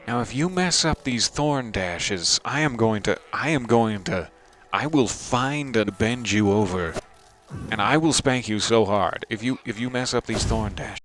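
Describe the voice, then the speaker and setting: Low-voiced young male streamer, slow, playful and self-mocking. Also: a bit bright, soft background music. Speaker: game streamer. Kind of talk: casual game commentary.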